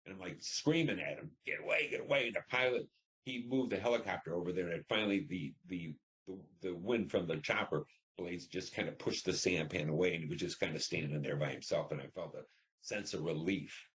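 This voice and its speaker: A man's voice: deep voice, brisk, fairly bright tone. An older man telling a personal war story in an interview, rambling with many "you know"s and acting out what people said. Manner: rambling, frequent "you know", acts out dialogue. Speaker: interviewee, veteran.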